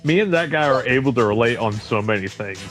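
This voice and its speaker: A man's voice: mid-range voice, expressive, fast, a bit bright, faint music behind. A man co-hosting a casual gaming chat, laid-back, swearing and chuckling through his stories. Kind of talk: casual chat over gameplay.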